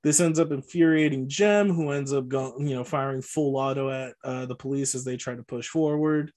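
A man's voice: mid-range voice, moderate pace, a little mellow. A man co-hosting a podcast, casually recapping a movie plot with lots of fillers and frequent laughs. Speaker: podcast co-host.

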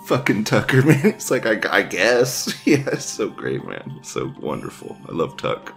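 A man's voice: fairly low pitch, huge pitch swings, a little slow, gravelly, few pauses, soft background music. A man hosting casual news commentary, reading posts aloud with frequent laughter, profanity and sarcasm.

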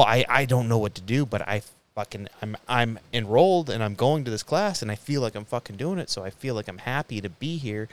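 A man's voice: mid-range voice, clear, resonant tone. A young man co-hosting a podcast round table, telling a long story in casual chat, swearing often and restarting his sentences. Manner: profane, rambling storytelling with frequent restarts. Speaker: podcast co-host.

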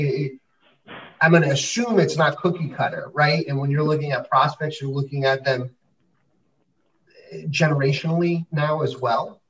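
A man's voice: on the high side, fairly bright tone, recorded from a distance. Male host, conversational and affirming, off-mic, dull audio. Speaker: host and fundraising consultant. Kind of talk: podcast conversation.

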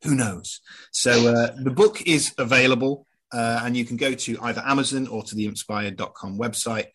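A British man presenting a radio show and chatting casually with his guest, relaxed and full of fillers. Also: medium pitch, normal speed, slight background noise.

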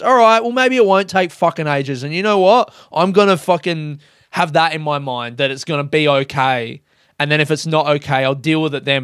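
Swearing Australian comedian with a smooth voice. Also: male voice, fairly high pitch, a bit bright, dry recording, studio quality. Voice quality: swears constantly, rambles in loose run-on bursts. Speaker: stand-up comedian and podcast host. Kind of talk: solo podcast monologue.

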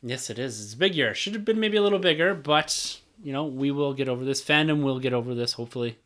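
A man co-hosting a casual movie podcast, talking in a relaxed conversational way and reading out listener mail. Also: mid-range voice, fast. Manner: conversational, reads listener messages aloud. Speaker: podcast co-host. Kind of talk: casual chat.

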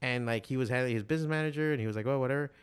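This man in his forties, a stand-up comedian guesting on a podcast, chats casually in a mid-range voice that's racing, clear and resonant. His stories ramble, get profane and are packed with fillers.

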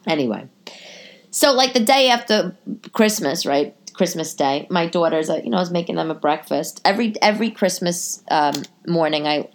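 A woman hosting a casual chat podcast from her apartment, rambling through tangents with a stuffy nose. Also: lowish voice. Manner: chatty, rambling, goes off on tangents. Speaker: podcast host.

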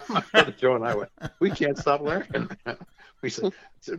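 A man, a guest author, telling family anecdotes in an animated way and acting out the voices of relatives. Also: fairly high pitch, normal speed, creaky, dull audio.

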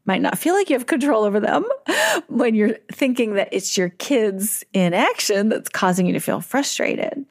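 A middle-aged woman hosting a podcast, giving parenting advice in a calm, reflective way and slowing down on key words. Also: medium pitch, no room sound, clean studio sound. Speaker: parent educator and podcast host.

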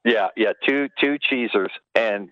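A man's voice: fairly low pitch, unhurried, no echo. Older man telling stories, lo-fi line. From Los Angeles. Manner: animated, puts on voices in anecdotes. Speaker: guest, former baseball trainer. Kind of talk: casual storytelling.

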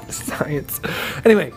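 A woman co-hosting a podcast, reading listener emails and joking irreverently, swearing freely. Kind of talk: casual chat.

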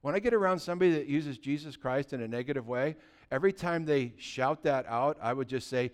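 A middle-aged man preaching a sermon as pastor, conversational and animated, full of rhetorical questions. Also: fairly high pitch, quick pace.

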